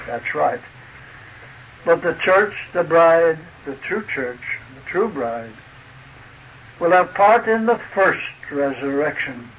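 A man preaching a sermon in a slow, deliberate, folksy way, asking his listeners rhetorical questions. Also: on the high side, a bit bright, a little hiss or hum, poor audio. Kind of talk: sermon explaining a chart.

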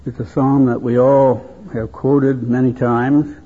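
A man preaching a sermon at a convention, speaking in a slow, measured, reverent way. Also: mid-range voice, flat delivery, warm tone, husky. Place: convention hall. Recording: tinny phone-like convention recording.

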